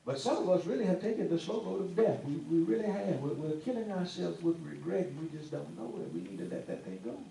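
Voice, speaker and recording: A man preaching a sermon to a congregation, folksy and animated, teasing people in the pews. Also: a little high, quick pace, vocal fry, few pauses, slight background noise. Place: church sanctuary. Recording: echoey room, mic at a distance, faint ambience.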